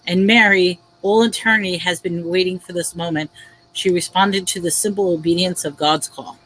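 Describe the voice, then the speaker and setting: A woman runs a casual live-stream book sale, chatting away, reading back-cover blurbs aloud with drama, and laughing often. Her voice sits on the low side and is a bit bright, with fairly even intonation at a normal speed. The recording is low quality, with slight background noise.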